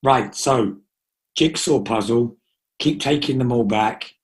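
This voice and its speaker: A man's voice: medium pitch, slow pace, background noise. A man hosting a talk show in casual, playful chat. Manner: playful, jokey.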